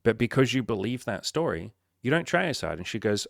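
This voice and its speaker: A man's voice: medium pitch, sing-song, fairly quick, gravelly, dry recording, studio quality. A man, talking casually as a dating coach, blunt and swearing often as he acts out little dialogues. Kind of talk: casual motivational talk.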